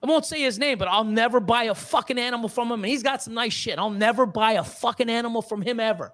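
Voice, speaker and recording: Talking fast in a very high, fairly bright voice, a middle-aged reptile breeder rages profanely as a guest on a casual podcast. His heated rant is full of repeated words and frequent restarts.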